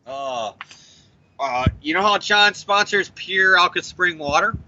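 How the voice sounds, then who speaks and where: A man rants through a comic review in a casual, profane, joking way. His voice sits high and swings widely, with a very bright, forceful edge. The recording sounds dull and lo-fi. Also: measured pace, dry recording. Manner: profane, animated, jokey ranting. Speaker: comic book podcast co-host.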